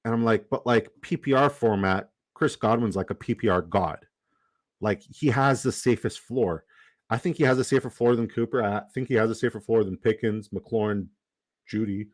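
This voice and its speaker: Man, low voice, casual livestream chatter, rambling, swears freely, reads chat aloud. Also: normal speed. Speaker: fantasy football draft streamer.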